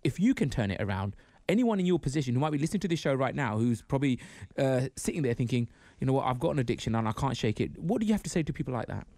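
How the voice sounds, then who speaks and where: A man's voice: mid-range voice, sing-song, rapid-fire, dark tone, no echo. A male radio host asking friendly, rambling questions in an interview.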